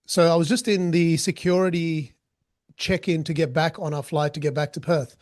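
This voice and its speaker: A man's voice: a little high, fairly even intonation, moderate pace, a little mellow. A man, a guest telling stories in a candid, joking, rambling way. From Australia. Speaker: guest, street interviewer. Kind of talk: casual storytelling interview.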